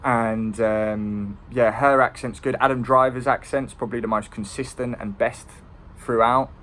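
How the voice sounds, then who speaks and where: A man's voice: mid-range voice, fairly even intonation, a little slow, a bit bright. A man giving a casual, rambling film review. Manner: rambling, with many ums and restarts.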